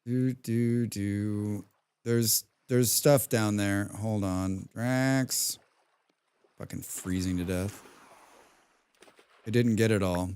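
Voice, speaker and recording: A young man commenting live on a survival game, excitable, talking to himself, humming and swearing between moves. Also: fairly low pitch, slow pace, long pauses, smooth. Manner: excitable, talks to himself, hums and mutters while playing; swears often. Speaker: streamer.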